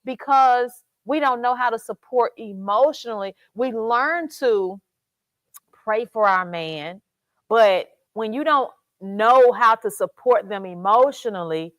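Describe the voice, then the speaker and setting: A woman co-hosting a faith podcast in casual chat, expressive and quick to act out quoted voices. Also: on the high side, no room sound. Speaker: podcast co-host.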